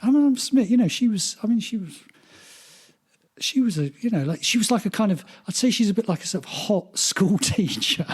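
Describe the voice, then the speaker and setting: Husky man in rambling chat. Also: high voice, lively intonation, brisk. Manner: chatty, rambling, laughs and swears. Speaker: podcast co-host. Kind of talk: casual chat.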